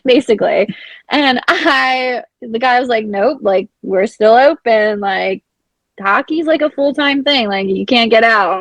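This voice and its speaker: A woman's voice: on the high side, dry recording, poor audio. Chatty young woman, "like" in every phrase. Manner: rambling, fills nearly every phrase with "like"; excitable, acts out her own past panic. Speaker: blind hockey program founder, guest. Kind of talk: casual storytelling in an interview.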